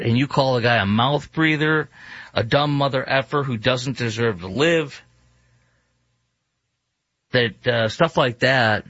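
A man's voice: mid-range voice, a bit bright, no room sound. A male talk show host ranting in an indignant, opinionated monologue with many fillers and restarts. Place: studio in Dallas. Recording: dull, dry studio recording.

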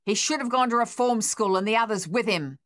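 A woman voicing a harsh, furious, domineering older husband who shouts and blusters, in an audiobook. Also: high voice, normal speed.

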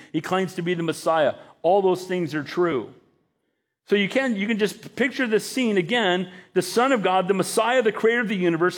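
High-voiced man preaching a sermon. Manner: emphatic preaching, acts out quoted dialogue. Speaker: pastor.

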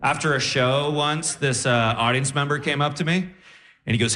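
A man performing a stand-up comedy routine, telling a story with animated delivery and acted-out voices. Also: a little high, moderate pace. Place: comedy stage with live audience. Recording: echoey live venue.

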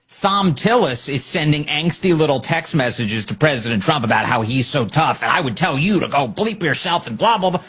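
A man's voice: on the high side, animated, moderate pace, hardly any pauses, a bit bright, breathy edge. A middle-aged man hosting opinionated political commentary, sarcastic and mocking, laughing often.

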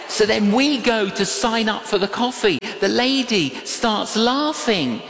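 A man preaching a sermon, telling stories in an animated way that swings from hushed to loud. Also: high voice, a little slow, few pauses. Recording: echoey hall with long reverb.

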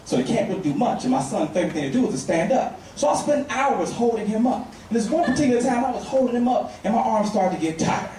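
A man's voice: high-pitched, expressive, fast, hardly any pauses, dark tone, very echoey, far from the mic, slight background noise, poor audio. Laid-back man telling comedy stories. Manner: laid-back storytelling that builds to exasperated outbursts. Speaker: stand-up comedian. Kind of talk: stand-up comedy.

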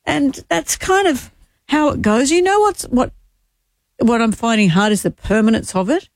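An Australian woman in her sixties co-hosting a radio show, talking haltingly and candidly through her grief. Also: fairly high pitch, no echo, studio quality. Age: 60s. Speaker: radio co-host. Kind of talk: emotional on-air chat.

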